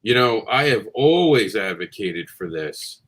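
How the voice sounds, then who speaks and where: Male host on a remote call, lively pitch, impassioned and talks over guests. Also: unhurried, breathy edge. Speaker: livestream show host. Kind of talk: casual panel chat.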